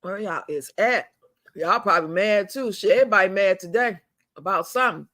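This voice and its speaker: A man's voice: high voice, fairly quick, pushed and bright, no echo, clean studio sound. An older man, venting angrily and profanely on a home live stream and repeating himself as he fumes. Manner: fuming, profane, repeats himself, drawls some words out. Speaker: livestream host.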